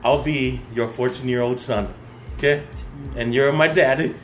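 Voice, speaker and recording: A man's voice: mid-range voice, steady tone, moderate pace, echoey room, faint music behind. A man in casual chat, playfully setting up hypothetical scenarios. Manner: playful, sets up hypotheticals, acts out quotes.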